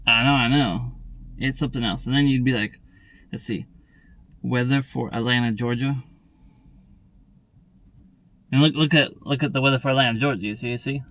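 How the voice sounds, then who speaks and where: A man's voice: medium pitch, fairly even intonation, normal speed, pauses often, a bit bright. A man chatting casually to viewers in a daily vlog. He rambles and repeats himself, constantly adding "and everything" and "tell you what.". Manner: talks straight to viewers, repeats words. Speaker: daily vlogger.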